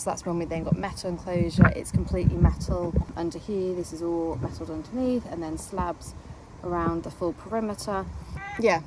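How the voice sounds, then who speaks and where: A British woman with a fairly low voice vlogs from her back garden, where she keeps backyard poultry, chatting and rambling as she explains her chores. She records on a phone held while working, and background noise is audible.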